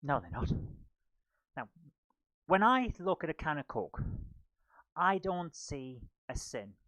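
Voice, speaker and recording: A woman's voice: low-pitched, big pitch swings, slow, fairly bright tone, no echo. A woman doing a stand-up comedy routine in a comedy club, with sardonic, mocking asides.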